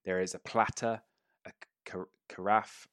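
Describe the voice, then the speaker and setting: A man's voice: deep voice, level tone, a little slow, fairly bright tone, dry recording, clean studio sound. A man narrating a tabletop game as game master, casual and sweary, laughing often.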